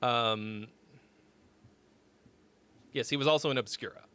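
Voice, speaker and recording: His mid-range voice is bright, forceful and clean, and he takes his time. The man, in his forties, runs a song critique livestream, chatting casually in a rambling, profane manner that keeps interrupting itself.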